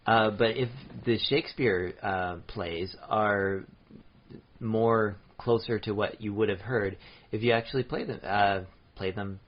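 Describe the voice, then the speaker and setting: A man's voice: lowish voice, steady tone, measured pace. A man co-hosting a podcast in casual chat, explaining hesitantly with many fillers. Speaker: podcast co-host. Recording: dull lo-fi podcast audio.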